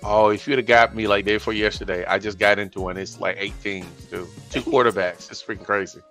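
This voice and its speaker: A man's voice: fairly low pitch, fairly even intonation, quick pace, sharp tone, faint music behind. A man co-hosting a podcast, chatting casually and rambling with fillers. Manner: laid-back, rambling with fillers. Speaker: podcast co-host. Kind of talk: casual chat.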